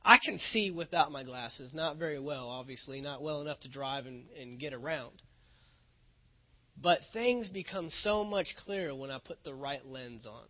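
A man's voice: mid-range voice, animated, normal speed. A male pastor preaching a sermon, earnest and emphatic, often repeating phrases for weight. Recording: dull lo-fi recording.

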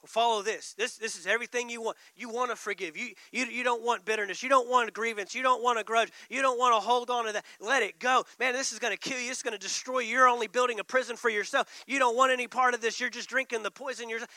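A preacher voicing a believer's inner spirit, a male figure pleading urgently and rapidly in a high, bright voice. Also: fairly even intonation, no echo, heavily acted. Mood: coaxing.

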